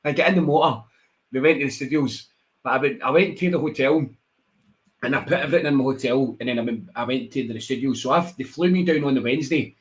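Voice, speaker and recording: A Scottish wrestler, guesting on a radio show, tells stories in casual chat, acting out the voices and laughing often. He's an animated storyteller who talks fast in a mid-range voice.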